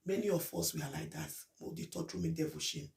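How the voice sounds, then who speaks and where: A woman's voice: deep voice, fairly even intonation, quick pace, vocal fry, a little mellow. A woman with a Nigerian accent talking casually to her viewers, emphatic and repetitive, mixing Pidgin with English. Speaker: vlogger. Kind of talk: casual talk to camera.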